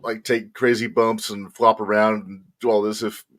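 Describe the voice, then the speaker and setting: A man's voice: on the low side, little pitch movement, moderate pace, fairly bright tone. A man hosting a podcast, chatting casually and reacting like an eager fan. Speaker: podcast host. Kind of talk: casual chat.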